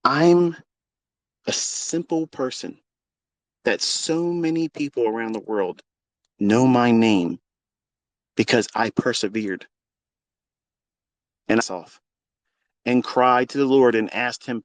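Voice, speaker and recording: A man's voice: mid-range voice, slow pace, long pauses, dry recording. A middle-aged man speaking into a phone as a mentor, in a fervent, preachy monologue that mixes faith with casual swearing. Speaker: trading mentor. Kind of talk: impassioned spoken monologue.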